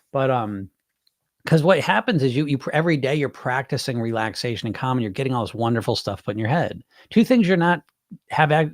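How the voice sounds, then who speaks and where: A man's voice: medium pitch, no room sound. Candid man chatting in a dry room. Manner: candid and conversational, swears freely, repeats himself. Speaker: weight-loss hypnosis coach hosting a live Q&A. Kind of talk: casual live chat answering viewer comments.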